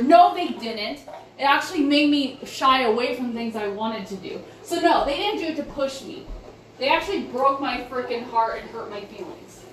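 A woman's voice: high-pitched, expressive, normal speed. A young woman venting casually to her viewers, emphatic and repetitive, frustrated with her family. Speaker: vlogger. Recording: echoey room from far off, faint hiss.

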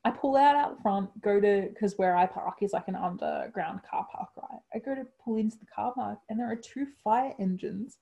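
A woman's voice: mid-range voice, normal speed, creaky, few pauses. A woman with an Australian accent telling a story in a casual chat, laughing often and acting out what people said. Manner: animated, laughs often, acts out quotes.

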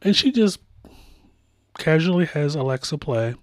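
A man hosting a casual pop culture podcast, telling stories with lively asides and playful voiced impressions. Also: on the high side, measured pace, no room sound, studio quality. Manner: animated storytelling with playful impressions. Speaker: podcast host.

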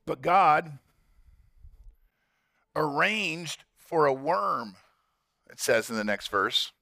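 Male pastor, energetic and chatty, with a bright, gravelly, high voice that swings a lot. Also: very slow, no room sound, studio quality. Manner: animated, conversational, rhetorical questions to the congregation. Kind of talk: sermon.

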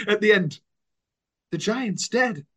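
Animated, joking male podcast host. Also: high-pitched, slow pace, slightly rough. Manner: animated, joking, laughing often. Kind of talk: casual chat.

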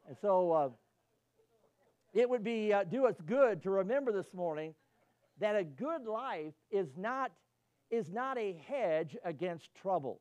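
A high-pitched man preaches a sermon. He tells homely stories in a folksy way and climbs to emphatic peaks when he presses a point. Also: expressive, measured pace, long pauses, a little mellow, poor audio.

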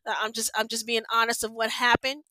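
Woman host, heartfelt devotional monologue, fairly high voice, emotional and insistent. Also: level tone, a little fast, bright, forceful tone, no echo. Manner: earnest, repetitive, emotional, close to tears. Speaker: podcast host. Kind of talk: personal devotional talk.

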